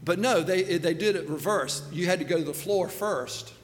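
A man's voice: sits high, moderate pace. A middle-aged man telling a self-deprecating story in a sermon. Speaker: pastor. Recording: long hall reverb.

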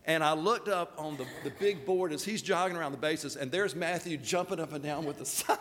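Man, folksy storytelling sermon, slightly high voice, long hall reverb. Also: fairly bright tone. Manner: folksy, anecdotal, laughs at his own stories. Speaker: pastor.

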